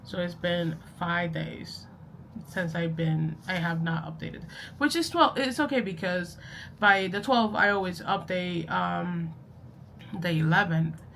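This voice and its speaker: Bright-voiced chatty young woman vlogger. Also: lowish voice, fairly even intonation, unhurried, vocal fry, a little hiss or hum. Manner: rambling, self-correcting, laughs often. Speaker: journaling vlogger. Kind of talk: casual chatty vlog.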